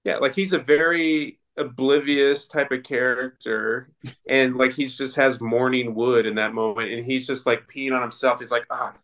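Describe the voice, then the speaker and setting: A man's voice: mid-range voice, little pitch movement, moderate pace, a bit bright. A man on a casual movie podcast, laid-back and agreeable, telling little anecdotes. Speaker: podcast co-host. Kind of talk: casual movie-review chat.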